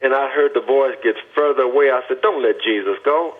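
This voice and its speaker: An older man from Texas speaks earnestly and deliberately, leaning hard on his words as he tells his testimony. His voice is husky and of middling pitch. The sound comes through a thin, tinny phone line. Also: steady tone. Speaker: guest. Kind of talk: personal testimony storytelling.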